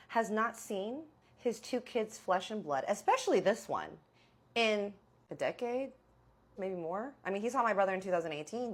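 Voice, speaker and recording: A young adult woman casually telling a personal story to camera, animated and exasperated, acting out the dialogue. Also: medium pitch. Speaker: vlogger.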